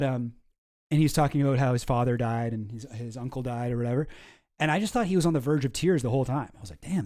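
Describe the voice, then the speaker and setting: A man's voice: mid-range voice, a little mellow. A man hosting a casual commentary show, rambling and sarcastic. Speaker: commentary host.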